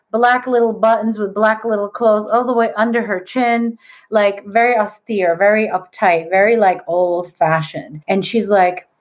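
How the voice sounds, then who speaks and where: A middle-aged woman with an average-pitched voice tells a story as a podcast guest. She is animated and conversational. She acts out the voices of the people in her story as she goes.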